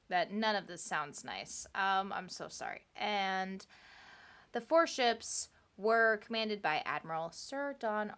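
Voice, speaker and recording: A woman co-hosting a podcast tells a history story in a casual, chatty way, with laughing asides and playful quoted voices. Her mid-range voice is expressive and fairly bright, and she speaks at a slow pace.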